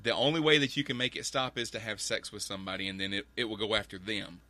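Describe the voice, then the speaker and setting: A man's voice: on the low side, steady tone, quick pace, bright, forceful tone. A man co-hosting a casual movie chat, earnestly summarizing a film. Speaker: podcast co-host.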